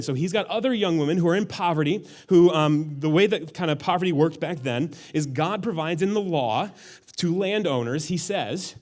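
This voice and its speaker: A man's voice: fairly high pitch, normal speed, a little mellow. Casual man preaching a sermon. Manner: casual and conversational, with frequent asides. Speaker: pastor.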